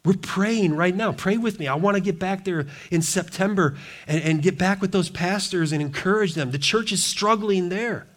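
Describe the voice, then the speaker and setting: A man's voice: high-pitched, normal speed, fairly bright tone. A middle-aged male pastor preaching a sermon with passionate, emphatic delivery and repeated phrases.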